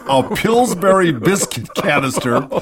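A man's voice: on the high side, sing-song, unhurried, crowd noise. A man hosting a comic radio talk show, reading news items and telling stories with sardonic, mocking commentary.

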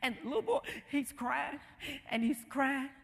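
A woman's voice: high voice, sing-song, moderate pace, creaky. A woman preacher delivering a sermon in an emphatic, rhythmic way, heard in a hall with long reverb.

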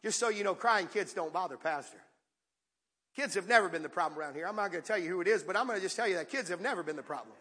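A high, bright-toned male pastor with a husky edge preaches with fervor, swinging between quiet asides and shouted calls to the congregation. His voice rings through a church sanctuary with a long, trailing reverb. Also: expressive, very fast. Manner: impassioned, rising to shouts with audience call-outs. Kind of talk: sermon.

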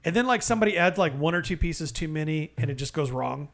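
Animated higher-voiced man riffing on beer. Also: fast. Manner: animated, profane, exaggerated storytelling. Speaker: podcast co-host. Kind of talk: casual beer-review banter.

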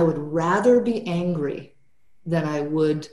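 A woman's voice: fairly low pitch, moderate pace, a little mellow, roomy sound. A woman therapist telling a client story in casual podcast talk, tagging nearly every sentence with "right?" and "you know".

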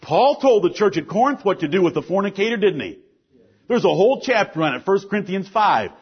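A male pastor preaches a sermon with a husky, fairly high voice. He leans hard on key phrases and at times drops to a low, quiet delivery. The recording is dull and lo-fi. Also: big pitch swings, fairly quick. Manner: preaching with rising emphasis, then dropping to a low, quiet delivery.

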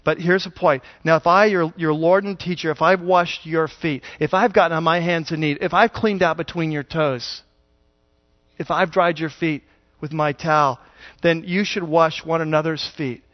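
A man voicing Jesus as a calm, firm teacher who speaks gently and earnestly, on a dull lo-fi sermon recording. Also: normal speed, no room sound, natural voice. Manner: low, gentle, earnest, hushed.

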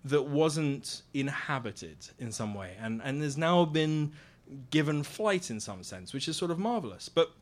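A man's voice: a little high, big pitch swings, measured pace. Wry man telling a story. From Britain. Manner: self-mocking, wry, laughing. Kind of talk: live storytelling on stage.

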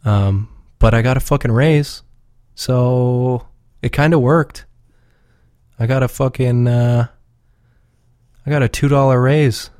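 A man's voice: medium pitch, steady tone, takes it slowly, long pauses, darkish tone, no echo, clean studio sound. A man chatting casually on a podcast he is a regular of, rambling and swearing freely in a laid-back way.

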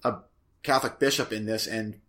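Fairly quick and steady in tone, this man's voice sits on the low side with a fairly bright quality. He co-hosts a laid-back movie review podcast, summarizing plots and offering opinions in a rambling, hesitant way full of restarts.

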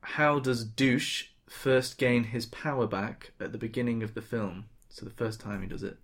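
A man hosting a casual podcast quiz, reading questions slowly and laughing often. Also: mid-range voice, steady tone, fairly bright tone. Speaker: quiz host.

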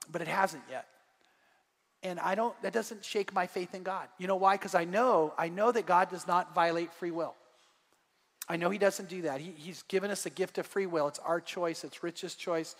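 In a church sanctuary, a middle-aged pastor delivers a sermon in a high, bright voice. He is earnest and swells into fervent emphasis, his words ringing through the hall with a long echo.

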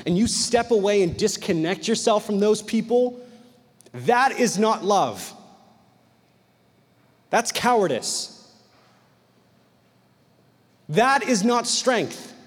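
A man delivers a sermon in a high, bright register. He tells the story in an animated way and voices the people in it as he goes. His words ring out with the long reverb of a large hall. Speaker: preacher.

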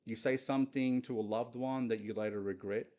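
A man's voice: mid-range voice, steady tone, brisk, mellow. A man preaching a conversational sermon, earnest and putting questions straight to his listeners. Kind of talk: conversational sermon on a Bible passage.

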